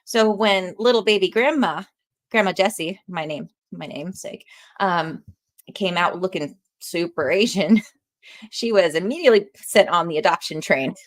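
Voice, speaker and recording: Podcast host: animated woman, quick to laugh, casual chat. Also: lowish voice. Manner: animated, laughs often, talks with her hands.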